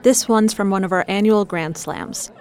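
Calm woman host reading introductions. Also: mid-range voice, normal speed. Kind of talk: scripted narration.

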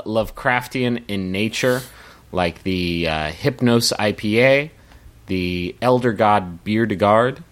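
A man's voice: on the low side, fairly bright tone, clean tone. A man co-hosting a comedy podcast, rambling and swearing as he enthusiastically plugs a sponsor. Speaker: podcast co-host. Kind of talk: casual comedy chat.

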